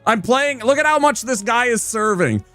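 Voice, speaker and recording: A man's voice: very high voice, animated, normal speed, fairly bright tone, soft background music. A man streaming and commenting on a game in a playful, teasing, chatty manner. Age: adult. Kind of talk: casual gameplay commentary.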